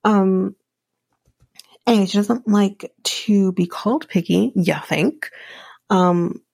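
A woman's voice: medium pitch, takes it slowly, gravelly, darkish tone, breathy edge, dry recording. A woman podcast host giving a casual TV episode recap, chatty with wry sarcastic asides.

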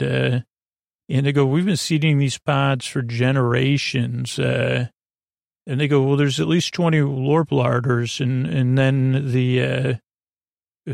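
A man with a gravelly, creaky voice at an ordinary pitch, recapping an episode for a bedtime show. He wanders and stumbles through it with lots of fillers and self-corrections, dropping dry, offhand jokes. The sound is close and dry. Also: darkish tone, dry recording. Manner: meandering, halting, with many fillers and self-corrections. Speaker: podcast host.

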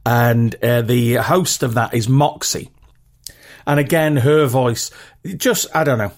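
A man's voice: medium pitch, fairly even intonation, slow. A man with a regional British accent hosting a podcast in a chatty, rambling, self-deprecating way. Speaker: podcast host. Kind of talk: casual solo podcast talk.

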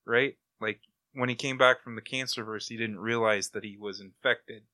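A man animatedly recapping a comic on a casual podcast, jumping into characters' lines as he goes. His voice is very bright and forceful. The recording is dry, with no room sound. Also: fairly low pitch, normal speed, no room sound. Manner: animated retelling, acts out quotes, laughs often. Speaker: comic book podcast panelist. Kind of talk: casual review chat.

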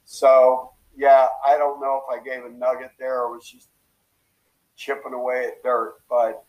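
A man speaking as a coaching guest in casual motivational talk. He tells his stories with animation and acts out quotes with big jumps in pitch. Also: completely flat delivery, a little slow, dull audio.

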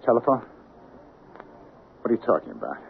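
An actor playing a frightened, guilt-ridden husband in a 1970s radio drama. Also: male voice, lowish voice, sing-song, a little fast, creaky, a little hiss or hum. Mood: drowsy. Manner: anxious, pleading, mumbling in his sleep. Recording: narrow, phone-like old radio broadcast.

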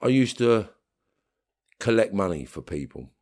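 A middle-aged Londoner appears as an interview guest, telling blunt, streetwise stories laced with swearing and acting out the voices of people he quotes. His voice is on the low side, slightly mellow, very animated and unhurried.

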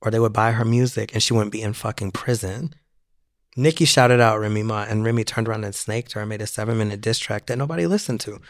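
A man co-hosting a podcast, chatting casually with animated, gossipy energy and frequent laughter. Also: lowish voice, quick pace. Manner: animated, gossipy, laughs often, mimics voices. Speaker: podcast co-host. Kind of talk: casual chat.

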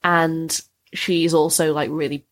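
A woman co-hosting a casual podcast, animated and chatty, swearing freely. Her voice sits on the low side. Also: slow pace. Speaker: podcast co-host. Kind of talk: casual chat.

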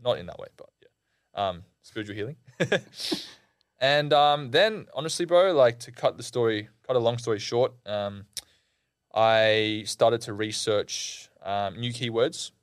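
A young man, a podcast guest, telling a story in a casual, animated and slangy way, full of "like" and "bro". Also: mid-range voice, unhurried, no room sound, clean studio sound. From Australia.

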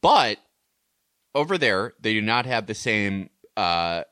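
A young man with a low voice that swings widely in pitch, talking in a casual, rambling way. His tone is bright and forward. The sound is close and dry. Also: big pitch swings, slow pace, clear, resonant tone, no echo. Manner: rambling, restarts, emphatic rises. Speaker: podcast guest. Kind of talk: casual conversation.

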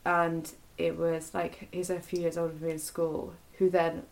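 A young woman talks in a relaxed, open conversation, swearing freely and circling back with frequent restarts. Her voice sits low with a gravelly edge of fry. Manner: rambling, sweary, halting with many restarts. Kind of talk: casual confessional chat.

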